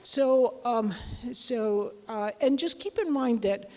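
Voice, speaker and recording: A woman giving a casual, chatty lecture on teaching, animated and full of asides. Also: fairly high pitch, slow pace, in a large hall, low-quality recording. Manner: chatty, animated, acts out quoted voices. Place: lecture hall.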